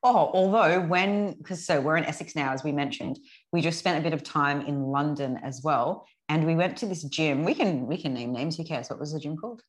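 A woman's voice: low-pitched, fairly quick. A woman in her thirties co-hosting a podcast, talking frankly, laughing often and swearing freely. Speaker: podcast co-host, fitness coach. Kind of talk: casual chat.

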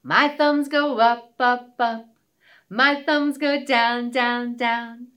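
A woman leading a children's circle time, gently speaking and singing nursery rhymes and songs. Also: fairly high pitch, fairly even intonation, slow pace. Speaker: children's teacher.

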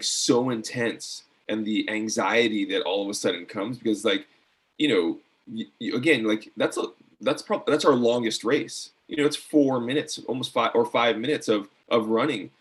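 A man's voice: on the low side, breathy edge. A middle-aged man, a former athlete, telling a story in a casual interview, earnest and full of fillers and restarts. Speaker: guest, former decathlete.

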